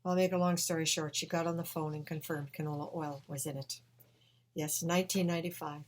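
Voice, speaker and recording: A woman telling a personal story with emotion, swinging between hushed and loud. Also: deep voice, steady tone, fairly quick.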